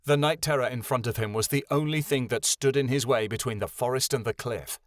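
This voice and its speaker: A man narrating a fantasy audiobook in a measured, dramatic storytelling way, close to the mic. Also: medium pitch, no room sound. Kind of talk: scripted narration.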